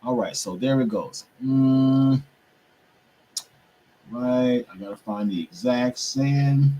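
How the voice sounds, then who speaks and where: A man's voice: medium pitch, slow, dark tone, highs cut off, slight background noise. A young man hosting a show, talking casually to viewers while he struggles with his computer, muttering and swearing to himself in frustration. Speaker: podcast host.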